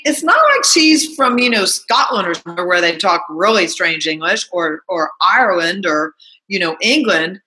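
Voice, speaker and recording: A woman giving a chatty motivational talk, asking listeners rhetorical questions and telling animated stories. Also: medium pitch, normal speed, rough recording. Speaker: self-help talk host. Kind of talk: motivational monologue.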